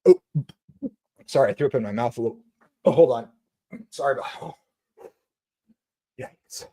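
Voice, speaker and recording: Hombre apasionado y sarcástico. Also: male voice, mid-range voice, expressive, normal speed, warm tone. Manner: passionate, sarcastic, indignant. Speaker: Christian video host. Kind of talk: ranting monologue and comment reading.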